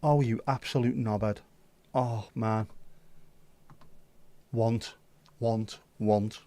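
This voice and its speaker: A man's voice: lowish voice, steady tone, extremely slow, dark tone, no echo. A man hosting a livestream in casual chat, reading viewer comments in a jokey, sweary, self-mocking way. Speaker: livestream host.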